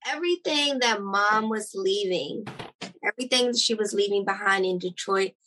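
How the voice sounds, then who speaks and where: A woman hosting an interview, asking her guest questions in a gentle, sympathetic way. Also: medium pitch, normal speed, slight background noise, poor audio. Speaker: podcast host and interviewer.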